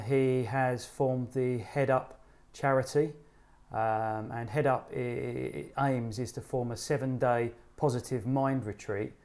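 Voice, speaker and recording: A man's voice: medium pitch, darkish tone. A man hosting an interview, talking hesitantly with many fillers and repeated words. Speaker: podcast host. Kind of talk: casual interview.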